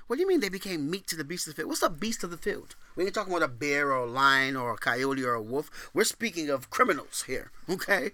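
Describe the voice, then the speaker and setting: A man preaching a sermon as pastor, booming out scripture readings and dropping to quiet conversational asides, asking for amens. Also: expressive, brisk, no room sound.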